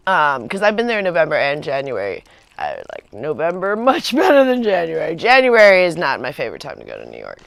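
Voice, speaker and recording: A woman's voice: low voice, wildly swooping pitch, brisk, creaky, no echo. A woman in her forties chatting casually on a livestream, rambling with many fillers and restarts. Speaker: vlogger on a livestream.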